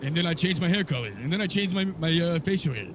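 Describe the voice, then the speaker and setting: A man recapping a wild story in character, swearing a lot and telling it with animated energy. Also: a little high, fast talker, noisy background.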